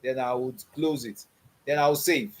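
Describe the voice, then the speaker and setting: In an unhurried, mid-range voice with fairly level intonation, a man runs an online coding course for newcomers. His habit is to repeat "you understand what I'm saying?" to check comprehension and to quiz learners with open questions, often just "what?".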